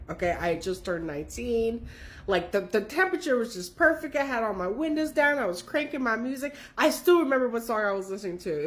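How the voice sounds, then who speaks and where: A woman in her twenties from California, telling a story in an animated, profane way. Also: medium pitch. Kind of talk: casual storytime.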